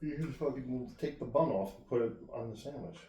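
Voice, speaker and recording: Mellow laid-back man, echoey room. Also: mid-range voice, brisk, distant mic. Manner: profane, laid-back storytelling. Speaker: podcast co-host. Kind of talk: casual chat.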